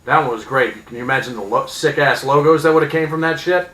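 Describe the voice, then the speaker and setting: A man in his thirties ranting angrily as a sports fan, profane and sarcastic, with loud outbursts. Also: mid-range voice, quick pace, echoey room, poor audio. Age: 30s. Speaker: vlogger. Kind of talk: angry sports fan rant.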